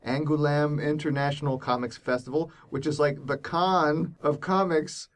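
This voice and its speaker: A man's voice: on the high side, steady tone, moderate pace. Punning man reading his notes with a grin. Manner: punning, laughs at his own jokes. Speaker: podcast co-host. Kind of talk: casual group chat, reading prepared notes.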